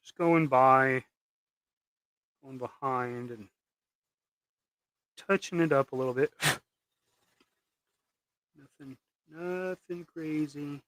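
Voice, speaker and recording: A man's voice: mid-range voice, slow pace, pauses often, fairly bright tone, clean tone, dry recording. A man hosting a live stream while he paints custom action figures, chatting casually with viewers in a rambling, joking way. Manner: rambling and jokey, many restarts, chatting to viewers.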